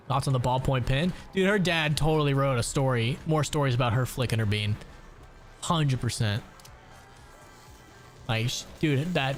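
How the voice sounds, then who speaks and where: A man in his twenties, a gaming streamer, chatting casually during gameplay, rambling and swearing a lot with frequent laughs. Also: mid-range voice. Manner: rambling, profane, laughs often. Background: background music.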